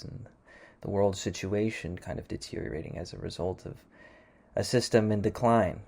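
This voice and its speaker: Closing out a music show, this radio host rambles casually and hedges heavily, leaning on "kind of" and "sort of." He has a low, mellow voice with vocal fry.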